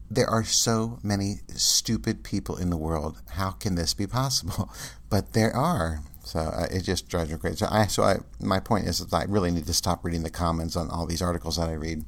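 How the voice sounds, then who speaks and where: A man rambling casually in a monologue, with many fillers and restarts, and ranting in exasperation. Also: deep voice.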